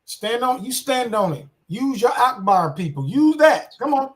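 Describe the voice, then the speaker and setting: A man's voice: extremely high pitch, sing-song, a little slow. A man giving casual reaction commentary on a clip, indignant and repetitive, talking straight to his viewers.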